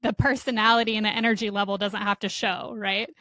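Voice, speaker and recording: A woman's voice: medium pitch, little pitch movement, fast, bright, forceful tone, no room sound. A woman from Southern Ohio with a slight Southern Ohio accent, hosting a podcast and asking friendly questions. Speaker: podcast host. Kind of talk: casual interview chat.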